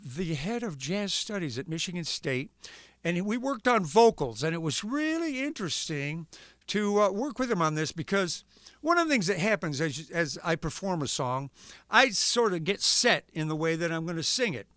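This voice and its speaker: A man's voice: sits high, very animated, a bit bright, no echo, studio quality. A man, a singer-songwriter, chatting casually between songs on a live stream, musing about how he arranges and sings his material. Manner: musing, unhurried, talks through his song choices.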